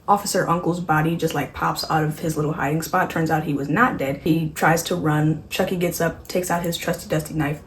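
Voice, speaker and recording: A woman's voice: low-pitched, steady tone, brisk, hardly any pauses, slight background noise. A woman casually recapping a horror movie while doing her makeup, rambling, correcting herself and tossing in sarcastic asides. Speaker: beauty vlogger.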